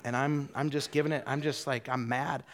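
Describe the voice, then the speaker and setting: Animated middle-aged man preaching a sermon. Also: fairly high pitch, a little fast, some chatter behind. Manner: animated, repeats and restarts words, swings from soft to shouting. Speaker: itinerant preacher.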